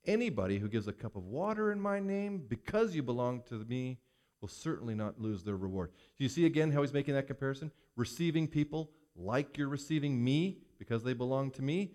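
A man preaching a sermon as a pastor, reading scripture aloud and commenting on it with animated emphasis. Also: medium pitch. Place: church.

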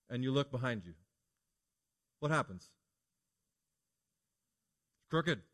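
A middle-aged man with a mid-range voice preaches a sermon in a relaxed, conversational style, telling stories and posing rhetorical questions.

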